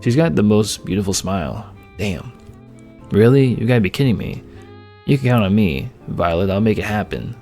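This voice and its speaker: Brief: young male gamer, low voice, crude joker, faint guitar music behind. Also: animated, brisk, a little mellow. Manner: joking, crude, reads game text aloud. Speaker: gamer narrating a dating game. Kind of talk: let's play narration.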